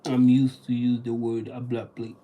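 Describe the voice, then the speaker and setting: Someone reads aloud alone in a casual monologue, practicing vocabulary with a mid-range voice and a flat delivery. They speak haltingly, often restarting and sounding out words while thinking aloud, and the sound is phone-quality.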